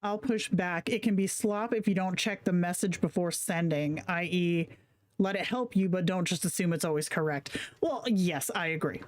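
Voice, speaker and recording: A woman's voice: lowish voice, normal speed. A woman hosting a live stream, chatting casually with slang and swearing while reading chat comments aloud. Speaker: livestream host.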